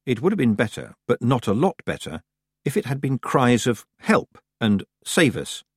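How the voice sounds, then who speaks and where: Male audiobook narrator, very lively melodic delivery, mid pitch, dry close recording. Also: moderate pace, slightly rough, no echo. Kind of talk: scripted narration.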